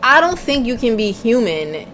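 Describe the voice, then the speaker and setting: A woman's voice: fairly high pitch, very animated, normal speed, a bit bright, slight background noise. A young woman in casual podcast chat who makes blunt, slangy remarks and laughs often.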